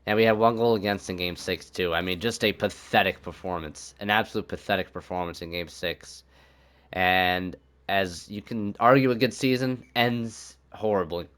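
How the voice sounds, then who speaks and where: A man's voice: sits low, normal speed, fairly bright tone. A young man commenting on his own hockey video game season, thinking aloud and swearing when things go wrong. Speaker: gaming YouTuber.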